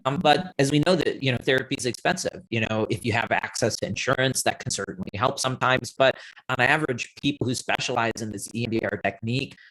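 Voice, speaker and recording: A man who is a guest on a panel discussion, explaining his app in a measured, step-by-step way. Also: mid-range voice, a bit bright, poor audio.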